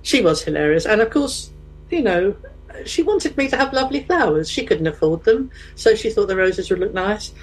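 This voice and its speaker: Woman, podcaster, chatty, laughs a lot telling funny stories, mid pitch voice. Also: normal speed, breathy edge, poor audio. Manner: lively storyteller who laughs often. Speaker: podcaster and guest. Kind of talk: casual interview chat.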